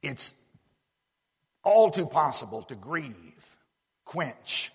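Male preacher, slightly high husky voice, folksy and emphatic, echoing church hall. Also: very animated, extremely slow. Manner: folksy, emphatic, repeats words. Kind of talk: sermon. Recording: long hall reverb.

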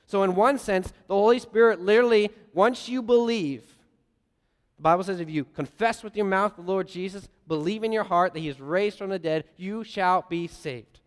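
Lively preacher in a reverberant hall. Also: male voice, sits high, normal speed. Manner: lively storytelling with playful voiced asides. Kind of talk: sermon.

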